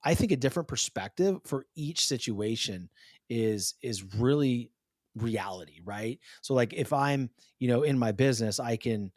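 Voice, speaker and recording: Animated man, dry close sound. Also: medium pitch, moderate pace, no room sound. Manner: animated storyteller, acts out quotes. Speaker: podcast host. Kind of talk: casual interview chat.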